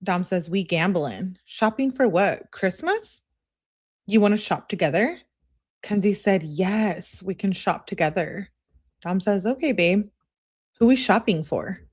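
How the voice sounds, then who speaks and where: A woman's voice: medium pitch, expressive, unhurried, darkish tone, husky. A woman host reading text messages aloud and commenting on them in a sassy, casual way, often laughing and talking back. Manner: sassy, laughs and talks back to what she reads.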